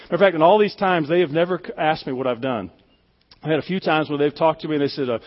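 A man's voice: on the high side, fast, big-room sound, muffled recording. A pastor delivering a conversational, emphatic sermon, often repeating his words as he speaks.

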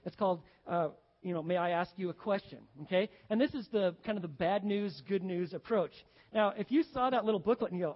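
A pastor delivers a sermon in an easy, conversational way, slipping into stories and acting out jokes for the congregation. The recording is muffled and carries the long reverb of a large church sanctuary. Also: male voice, high-pitched, fairly quick. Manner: conversational, storytelling, acts out jokes. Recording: dull sound in a reverberant hall.

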